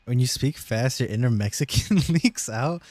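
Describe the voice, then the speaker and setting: A man's voice: medium pitch, animated, normal speed, a little mellow, dry recording. A young American man chatting casually with friends on a stream, joking and teasing them and laughing often.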